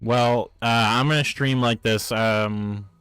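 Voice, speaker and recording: A man's voice: medium pitch, fairly even intonation, slow pace, fairly bright tone, smooth, dry recording, soft background music. A man with a Newfoundland accent, chatting casually on a live stream and arguing with viewers about his microphone. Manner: exasperated, arguing with chat about his mic.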